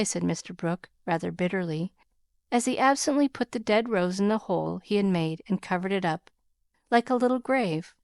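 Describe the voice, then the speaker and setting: Female audiobook narrator, smooth, measured reading, dry close mic. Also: mid-range voice, expressive, dry recording. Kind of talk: scripted narration of a classic novel.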